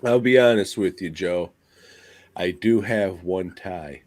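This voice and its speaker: A man's voice: deep voice, slow pace, darkish tone, no echo. A man co-hosting a podcast, ranting crudely and swearing constantly in casual chat. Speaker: podcast co-host.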